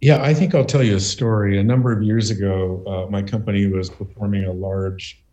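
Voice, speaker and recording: A business owner telling a personal story on a panel, measured and hesitant, with many "uh"s. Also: male voice, fairly low pitch, steady tone, dark tone, muffled recording.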